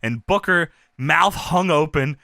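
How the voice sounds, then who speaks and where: A man co-hosting a wrestling review podcast, telling the story in an animated, profane, laughing way. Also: on the high side, slow, gravelly, dry recording, clean studio sound. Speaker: podcast co-host. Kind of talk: casual retro review chat.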